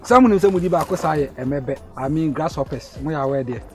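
A man's voice: fairly high pitch, fast, soft background music. A man with a Ghanaian accent playing a senior student who gives orders to juniors. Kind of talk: comedy skit acting.

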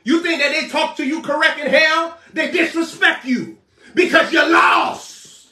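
A man preaching a fiery sermon, shouting, scolding and mocking his listeners. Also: very high-pitched, a little slow. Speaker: prophet preacher. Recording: echoey room, voice far from mic.

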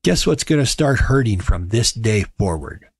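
A middle-aged man tells stories in a relaxed, joking way, his voice sitting low. The sound is close and dry, with no room echo, as if recorded at home. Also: normal speed, gravelly. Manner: wry, joking, conversational. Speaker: podcast host. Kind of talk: casual storytelling monologue.

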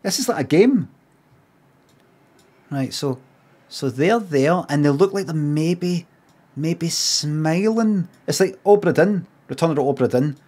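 A middle-aged Scottish man streaming, chatting casually, rambling and swearing, and mocking signs in lively put-on voices. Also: a little high, a little slow, pauses often, slightly rough. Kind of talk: casual livestream chat.

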